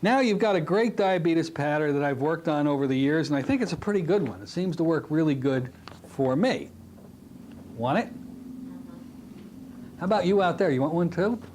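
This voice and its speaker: A middle-aged man teaching a recorded hypnotherapy lesson, telling stories from his practice in a lively way. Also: fairly high pitch, normal speed, long pauses, slight background noise. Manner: animated storytelling, drops to a soft hypnotic voice when demonstrating. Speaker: hypnotherapy instructor. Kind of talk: recorded training lecture.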